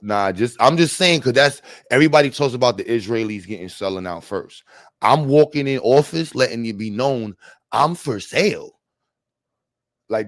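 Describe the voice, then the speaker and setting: A young man hosting a livestream panel, talking in slang, animated and joking, reading the chat aloud. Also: fairly low pitch, no room sound. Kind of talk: casual livestream talk. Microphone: streaming mic.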